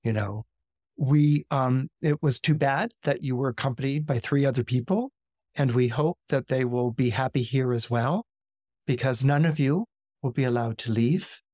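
A man voicing an ancient, serene male high lama who speaks slowly and gravely in a story retelling. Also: a little mellow, no room sound, studio quality, natural voice. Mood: calm solemn.

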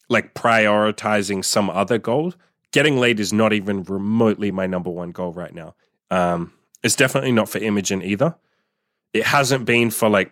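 A man's voice: on the low side, a bit bright, dry recording, studio quality. A man hosting a podcast, talking in a blunt, profane casual monologue and laughing often. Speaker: podcast host.

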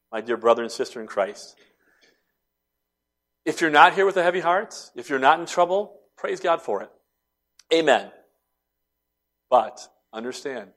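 A man preaching a sermon as pastor, building to loud impassioned cries and then dropping to soft, tender tones. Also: mid-range voice.

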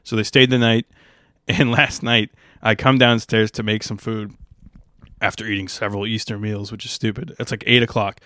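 A man's voice: fairly low pitch, level tone, moderate pace, sharp tone, no room sound, clean studio sound. A young man, a stand-up comedian, talking in a casual, rambling monologue with a crude, profane and wry manner.

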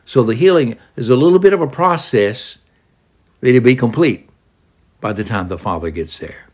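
A man teaching a Bible passage, retelling it slowly as a story and acting out the quoted words. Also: mid-range voice. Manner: slow, lively storytelling with dramatized quotes. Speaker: preacher.

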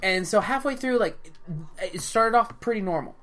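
A young woman co-hosting a podcast, telling an animated story in casual chat full of slang. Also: fairly high pitch, normal speed. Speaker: podcast co-host.

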